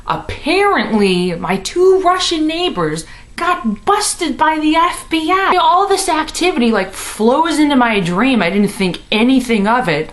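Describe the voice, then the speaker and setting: A woman in her twenties from Missouri, telling a comic story to the camera in her apartment, bubbly and animated, full of "like". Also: on the high side, a little slow. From Missouri, USA. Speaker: comedy vlogger. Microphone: camera in her room.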